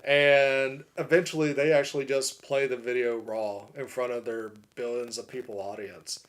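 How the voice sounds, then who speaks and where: A man's voice: medium pitch, little pitch movement, normal speed. A man co-hosting a podcast, recapping a film in casual chat with lots of fillers. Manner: rambling, many fillers like "like" and "uh". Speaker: podcast co-host.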